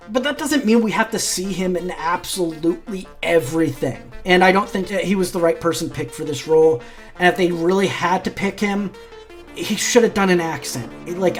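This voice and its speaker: A woman's voice: mid-range voice, a little mellow. A woman hosting a casual commentary video, giving her opinions in a chatty, opinionated way and often restarting her sentences.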